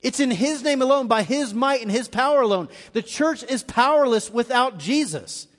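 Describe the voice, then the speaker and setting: A man's voice: very high voice, animated, moderate pace. A man preaching a live sermon as pastor, telling a story and acting out the quoted lines with rising intensity. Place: church auditorium. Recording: live in a reverberant hall.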